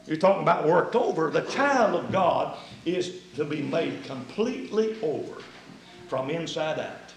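A man's voice: a little high, lively intonation, unhurried, creaky, roomy sound, slight background noise, rough recording. A man preaching a sermon, emphatic and folksy, mixing scripture with homespun stories.

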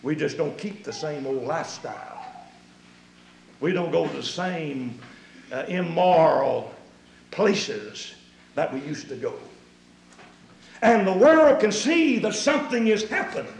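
A man's voice: a little high, vocal fry, roomy sound, a little hiss or hum, poor audio. A man preaching a sermon, emphatic and folksy, mixing scripture with homespun stories.

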